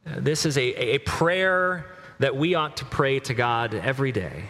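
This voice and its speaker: A middle-aged male preacher giving a sermon, earnestly reading scripture aloud with slow emphasis. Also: medium pitch, animated, a bit bright, in a large hall.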